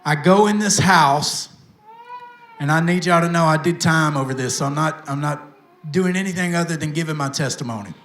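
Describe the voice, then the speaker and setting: A man, a recovery pastor telling his life testimony to a live audience with lively, self-mocking storytelling. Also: fairly high pitch, quick pace. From Tennessee, USA. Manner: lively storytelling with self-mocking humor, addresses the crowd directly. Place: event stage with live audience. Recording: echoey room sound.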